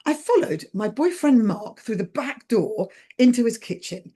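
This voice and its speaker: Woman storyteller, husky voice, wry and brisk. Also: on the high side, very animated, warm tone. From England. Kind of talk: oral storytelling performance.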